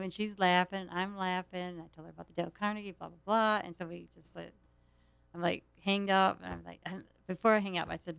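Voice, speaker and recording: A woman's voice: fairly low pitch, steady tone, a little fast, gravelly, a bit bright, clean tone, no echo. A woman telling a rambling story in casual chat, laughing often as she goes. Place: small studio.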